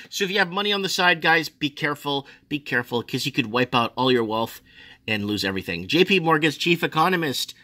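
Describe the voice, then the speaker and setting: A man from Australia reading finance news aloud and ranting about it, sarcastic, swinging from low muttering to mocking high outbursts. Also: big pitch swings, brisk, sharp tone, no room sound. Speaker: finance commentator.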